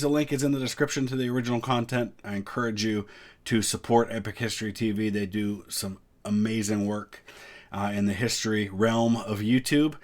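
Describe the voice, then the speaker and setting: A man with a stuffy head cold, hosting a history reaction video in a relaxed, chatty way with lots of fillers. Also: medium pitch. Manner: relaxed, filler-heavy chat. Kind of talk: casual reaction commentary.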